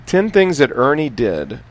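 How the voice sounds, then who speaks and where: A man telling courtroom stories in a casual chat, laughing often and trailing off into quieter asides. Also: medium pitch, huge pitch swings, takes it slowly. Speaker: former defense lawyer telling stories.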